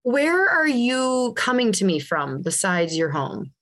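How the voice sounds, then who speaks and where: A woman's voice: a little high, sing-song, slow, a bit bright. Playful woman podcast host chatting. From Southern California. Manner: playful, self-deprecating, laughs easily. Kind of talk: casual interview chat.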